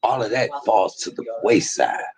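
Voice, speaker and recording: A man live-streaming from a hospital emergency room bed, talking in an animated, preachy way and repeating himself as he speaks to his viewers. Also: on the low side, normal speed, poor audio. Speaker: livestream host. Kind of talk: casual live stream talk.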